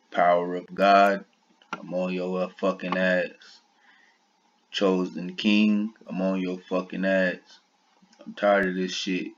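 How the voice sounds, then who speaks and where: A man's voice: low voice, highs cut off. A man giving blunt, combative reaction commentary, swearing heavily as he talks. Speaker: online commentator.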